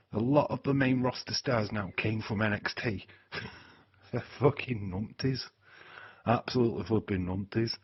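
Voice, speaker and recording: A man with a low, husky voice chats bluntly with his viewers during a live watch-along stream. He swears freely and laughs at his own jokes. The sound is dull and lo-fi. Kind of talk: casual live-stream chat reading viewers' comments.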